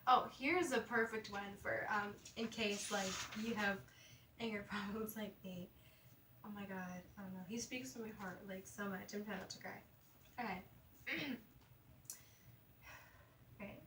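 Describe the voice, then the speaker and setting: A woman's voice: mid-range voice, fairly even intonation, unhurried, pauses often, distant mic. A young woman chats in a loose, rambling vlog, her sentences stuffed with "like" and "you know" and broken by stutters and mumbles. She sounds a bit away from the mic, in a roomy space with a faint hum behind her. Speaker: vlogger. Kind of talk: casual confessional vlog.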